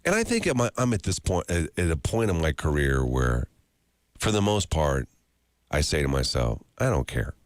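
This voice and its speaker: A man's voice: a bass voice, normal speed, dry recording, studio quality. A man hosting a morning radio show, telling stories and joking in casual banter. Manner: storytelling, animated and joking. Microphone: studio microphone.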